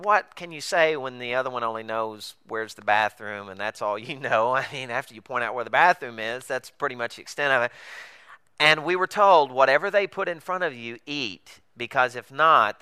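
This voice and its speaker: A man preaches through a comic story, breaking into acted voices and laughter. His voice is bright and forceful, smooth and resonant. The sound is dry and close. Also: mid-range voice, animated, normal speed, no echo. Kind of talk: humorous storytelling sermon.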